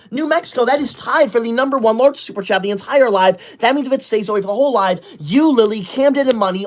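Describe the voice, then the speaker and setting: A livestreamer reading viewer super chats in an over-the-top teacher's-pet persona, bossy and indignant, quick to scold viewers and kick them out. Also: medium pitch. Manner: prim, rule-enforcing and self-important.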